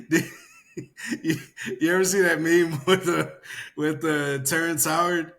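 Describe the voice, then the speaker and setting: A man casually chatting on a podcast, animated, laughing often and swearing freely. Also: a little slow, vocal fry. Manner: animated, mimics commenters in loud high-pitched yelling. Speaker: podcast co-host.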